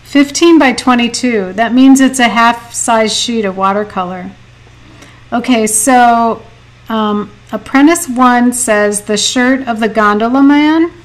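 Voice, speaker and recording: A middle-aged woman leads a live-streamed watercolor lesson, chatting away, laughing often and reading viewer comments out loud. Her voice is a little high and her pace measured. The recording is rough.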